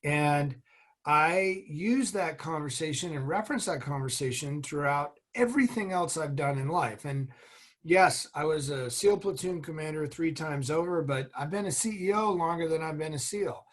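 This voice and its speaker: A man's voice: on the high side, moderate pace. A middle-aged man, a guest in an interview, speaking in an earnest, motivational way as he tells stories about leadership. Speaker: guest, former military officer and executive. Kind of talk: interview conversation.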